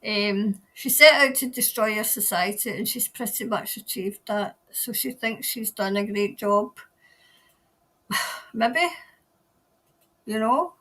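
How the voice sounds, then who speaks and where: A woman with a mid-range voice and a sharp tone takes things slowly, leaving long pauses. She hosts a casual live stream as a tarot reader, chatting and rambling through viewer comments, laughing often and trailing off mid-sentence.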